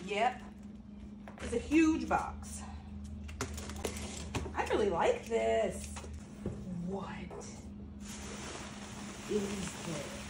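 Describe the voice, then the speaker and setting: Excitable, over-caffeinated woman vlogger unboxing finds, casual chatter, noisy home recording. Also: mid-range voice, drawn-out words, pauses often. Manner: chatty, excitable, talks to viewers while unboxing. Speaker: reseller vlogger.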